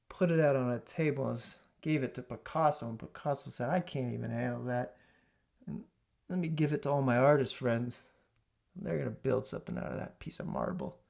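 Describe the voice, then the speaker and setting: A man telling a comic story as a rant from his home basement, swinging from loud exclamations to hushed asides. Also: medium pitch, gravelly. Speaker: comedic ranter. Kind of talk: comedic rant.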